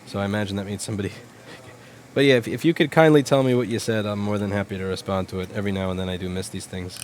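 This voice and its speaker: A man's voice: lowish voice, steady tone, fast, darkish tone, slight background noise. A young man hosting a casual livestream, answering viewers' questions in a blunt, rambling, profane way. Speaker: livestream host, repair shop owner.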